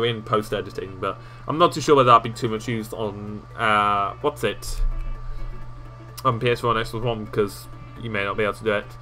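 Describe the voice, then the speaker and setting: A man walking viewers through video editing software in a casual, rambling tutorial with self-mocking asides, recorded on a desktop microphone. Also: medium pitch. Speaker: game tutorial host.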